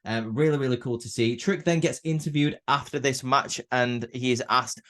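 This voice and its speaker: A man's voice: medium pitch, moderate pace, fairly bright tone. A man casually recapping a wrestling show, talking loosely with lots of fillers and restarts. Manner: chatty, many fillers and restarts.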